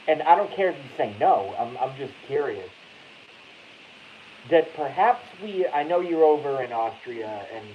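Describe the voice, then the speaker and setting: A man from Boston hosting a casual live stream, rambling, swearing and cutting himself off mid-sentence. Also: on the high side. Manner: rambling, profane, self-interrupting. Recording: dull lo-fi audio with faint hiss.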